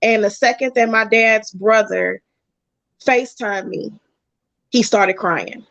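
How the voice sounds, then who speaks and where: A woman guest chatting casually, telling a personal story in animated bursts. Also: mid-range voice, slow pace, gravelly, no echo. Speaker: podcast guest. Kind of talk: casual chat. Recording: dull, dry lo-fi sound.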